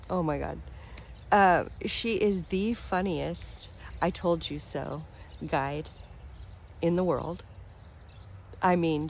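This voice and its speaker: A woman talking straight to her viewers as a spiritual vlogger, earnest and affectionate, rambling with fillers and soft laughs. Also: fairly low pitch, a little hiss or hum. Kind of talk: heartfelt direct-to-camera talk.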